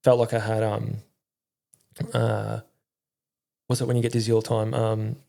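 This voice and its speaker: A man's voice: on the low side, monotone, normal speed, creaky, mellow. A middle-aged Australian man telling his story in a candid, rambling way, swearing often and using slang. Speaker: podcast guest, former army crew commander.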